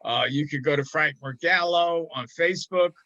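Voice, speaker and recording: A man's voice: a little high, normal speed, sharp tone. Fumbling male co-host, muffled line. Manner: scattered, fumbling. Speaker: podcast co-host. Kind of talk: casual comedy podcast banter.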